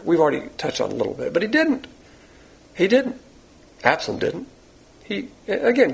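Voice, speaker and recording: A pastor preaching a verse-by-verse sermon, a man who acts out the lines he quotes in an animated teaching manner. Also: fairly high pitch, vocal fry, breathy edge.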